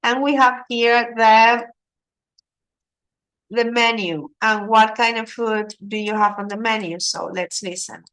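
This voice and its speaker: Woman teaching english, slow careful explaining, kinda high voice. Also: steady tone, fairly bright tone. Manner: slow, patient, explaining vocabulary with Spanish glosses. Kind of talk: online English lesson.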